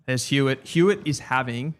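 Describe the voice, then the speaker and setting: A man's voice: mid-range voice, lively intonation, normal speed. An Australian man hosting a casual footy watch-along, chatting and calling the play. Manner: chatty, calls the play as it happens. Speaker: host.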